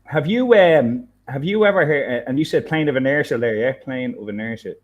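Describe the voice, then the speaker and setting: A man in casual conversation who rambles and thinks out loud, restarting his sentences often. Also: on the high side, animated, a little fast, dull audio. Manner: rambling, many restarts and fillers, thinks aloud. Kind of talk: casual chat.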